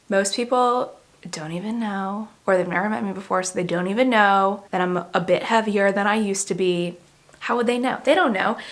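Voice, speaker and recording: A woman's voice: medium pitch, bright, forceful tone. A young woman vlogging at home, chatting casually to the camera with lots of "like" and asides to her dog. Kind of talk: casual vlog chat to camera. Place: at home indoors.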